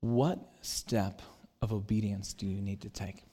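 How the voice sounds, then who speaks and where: A middle-aged man preaching a sermon as pastor, telling a personal story and acting out the dialogue, swinging between quiet and loud. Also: fairly low pitch, fairly even intonation, unhurried, husky.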